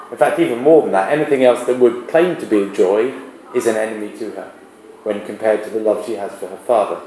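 Male teacher with a halting delivery in an echoey room. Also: lowish voice, warm tone, slight background noise. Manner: halting, with many restarts and fillers. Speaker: English literature teacher. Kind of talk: classroom lesson.

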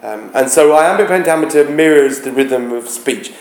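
A man teaching a class, talking haltingly, searching aloud for words and chanting rhythms to show them. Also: a little high, lively intonation. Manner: demonstrates rhythms by chanting beats. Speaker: English teacher. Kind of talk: classroom explanation of a play. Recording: roomy, echoey classroom.

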